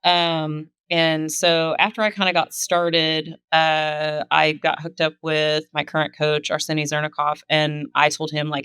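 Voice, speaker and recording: Bright, crisp-voiced woman telling stories. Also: sits low, little pitch movement, a little slow, hardly any pauses, dry recording. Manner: laid-back storytelling with many fillers. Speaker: guest, kettlebell sport athlete. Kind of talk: casual podcast conversation.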